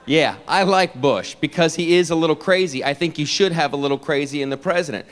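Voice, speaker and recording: A man doing an animated stand-up comedy routine, talking in a fairly high voice. He keeps slipping into quick character voices between his own lines.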